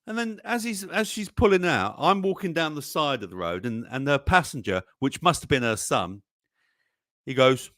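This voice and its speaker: A man's voice: on the high side, animated, normal speed, pushed and bright, dry recording, clean studio sound. A man, co-hosting a live chat show, telling stories and laughing often. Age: 60s. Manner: chatty, laughs often, tells stories animatedly. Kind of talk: casual chat reading viewer comments.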